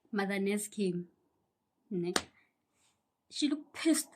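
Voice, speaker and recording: A young South African woman telling a personal story in a casual, animated way, acting out the people she quotes and sometimes dropping into a whisper. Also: medium pitch, takes it slowly, long pauses. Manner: animated, acts out quoted voices, drops into whispers. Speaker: YouTuber.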